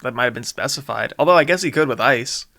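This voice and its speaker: A man's voice: medium pitch, quick pace, creaky, sharp tone, no echo, studio quality. A young man reading his own old story aloud, with amused, self-mocking commentary. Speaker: author reacting to his own old book.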